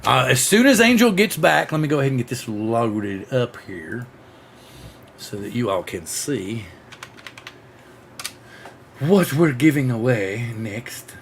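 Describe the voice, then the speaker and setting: A man hosting a casual live-streamed drone show, excitable and rambling, full of restarts and acted-out sound effects. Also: medium pitch, slight background noise.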